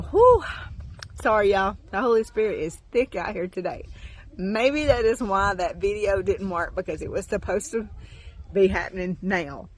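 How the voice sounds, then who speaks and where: Emotional woman giving testimony. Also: medium pitch. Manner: emotional, rambling, says y'all often. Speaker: farm vlogger. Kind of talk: heartfelt testimony.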